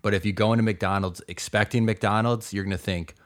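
A man's voice: on the low side, steady tone, a little fast. A man co-hosting a film podcast, talking casually with a wry, joking manner. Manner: wry, joking, reads the sign-off. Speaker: podcast co-host.

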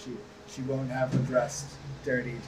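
A man narrating a tabletop game as game master, unhurried and with frequent restarts. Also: mid-range voice, completely flat delivery, far from the mic, slight background noise, poor audio.

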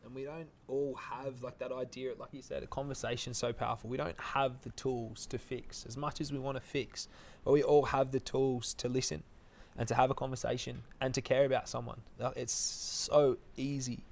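Bloke, gravelly fry, emotional and candid panel guest. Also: male voice, mid-range voice, level tone, normal speed. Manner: open and emotional, quietly intense. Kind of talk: emotional sharing in a group chat.

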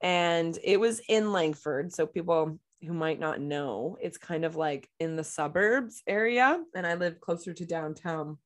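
A woman, co-hosting a casual chat podcast, talkative and quick to laugh. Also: fairly low pitch. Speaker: podcast co-host.

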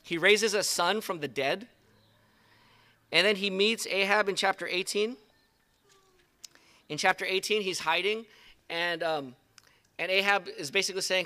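A man preaching a sermon at an outdoor service, retelling stories in a conversational, animated way. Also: high voice, normal speed. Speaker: pastor.

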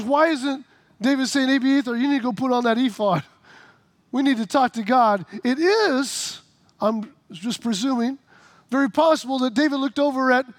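High-voiced preaching man, dry sound. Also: no echo. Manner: animated preaching, rising to shouts. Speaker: pastor. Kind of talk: sermon.

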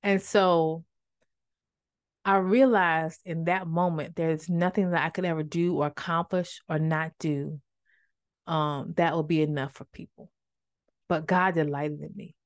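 A woman with a somewhat low voice teaches from the Bible in a relaxed, chatty podcast style and keeps calling her listeners y'all. She talks with heartfelt emotion, holding back tears of joy. Her voice sounds dry and close, with no room echo. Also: measured pace. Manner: conversational, addresses listeners as y'all. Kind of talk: casual devotional teaching. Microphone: microphone with a faulty cord.

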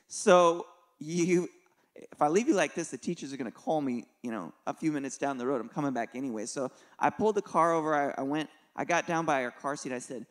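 Conversational man preaching, fairly high voice. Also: a little fast. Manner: conversational and joking, with soft dips for emphasis. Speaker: pastor. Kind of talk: sermon with personal story.

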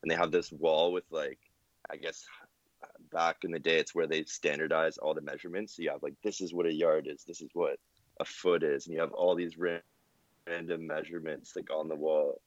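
Very deep-voiced young man, rambling. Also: little pitch movement, a little fast, no echo. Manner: rambling, lots of fillers. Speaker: podcast co-host. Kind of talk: casual chat. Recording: dull dry sound.

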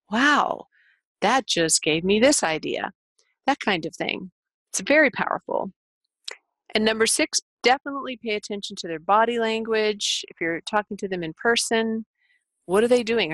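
A woman life coach giving listening tips in a gentle, explanatory way, acting out sample replies. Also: lowish voice, no echo. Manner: gentle, explanatory, models example dialogue. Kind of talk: scripted podcast advice talk.

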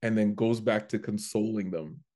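A man, a comedian, telling a story in a casual chat, animated and prone to restarting his sentences. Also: on the low side, moderate pace. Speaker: comedian guest.

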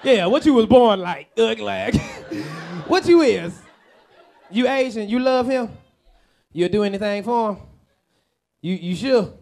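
High-voiced loud male comedian. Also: lively intonation, measured pace, creaky, pauses often. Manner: loud, profane, laughing at his own jokes. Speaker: stand-up comedian working the crowd. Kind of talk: live crowd-work comedy. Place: live club show.

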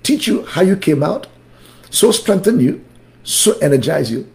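A male preacher with a very animated voice whose pitch rises and falls widely. He teaches a Bible study in a fervent sermon style, repeating key phrases and shifting from loud declarations to quiet asides. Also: unhurried, gravelly. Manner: fervent, emphatic repetitions, swings between loud and soft. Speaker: pastor leading a Bible study.

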